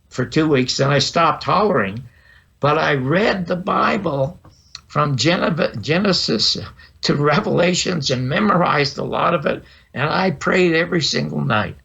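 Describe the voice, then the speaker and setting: Gravelly older man telling stories. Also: mid-range voice, fairly bright tone. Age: 80s. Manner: vivid anecdotal storyteller, acting out dialogue. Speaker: podcast guest. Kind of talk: storytelling interview. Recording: dull lo-fi audio.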